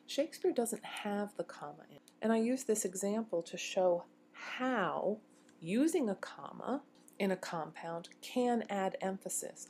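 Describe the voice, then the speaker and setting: A woman giving a recorded university lecture on grammar, explaining clearly and slowing down to read quoted lines. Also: mid-range voice, lively intonation, a little mellow, a little hiss or hum.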